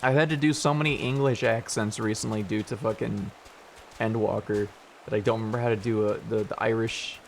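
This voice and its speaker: A man's voice: on the low side, steady tone, a little fast, vocal fry, slight background noise. A young man streaming a game, chatting casually with rambling, swearing asides. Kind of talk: casual gaming stream chat.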